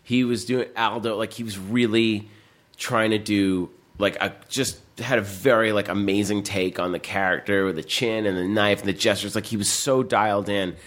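Animated, swearing film director storyteller. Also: male voice, lowish voice, moderate pace. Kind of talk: casual chat.

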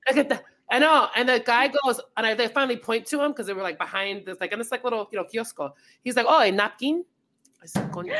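A woman's voice: fairly high pitch, quick pace, few pauses. A woman in her forties, a comedian guest on a podcast, telling stories and acting out quoted lines in casual chat. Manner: animated storyteller, acts out quotes.

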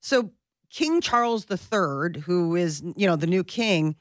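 A woman co-hosting a morning radio show, reading the news in a casual, chatty way with many "like"s and quick laughs. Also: on the low side, lively intonation, no room sound. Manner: chatty, lots of "like" and restarts, laughs often.

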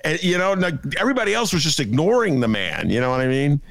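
A man's voice: on the high side, fast, creaky, dry recording. A man hosting a podcast, talking in a rambling, casual way with lots of fillers as he tells stories and riffs on the news. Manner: rambling, animated storyteller with many fillers. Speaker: podcast host. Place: apartment.

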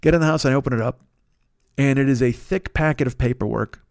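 A man in a middle pitch tells a personal story on his podcast, swearing freely and sounding fed up. The recording is dry and close, with no room around his voice. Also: fast talker, creaky, a little mellow, no room sound. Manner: profane, exasperated storytelling. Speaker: podcast host. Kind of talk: casual storytelling monologue. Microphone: podcast microphone.

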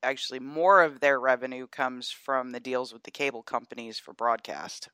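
A woman from Georgia co-hosting a podcast, chatting about the news in an animated way and laughing as she talks. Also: a bass voice, normal speed, dry recording. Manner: animated, laughs while talking. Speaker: podcast co-host. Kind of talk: casual political chat.

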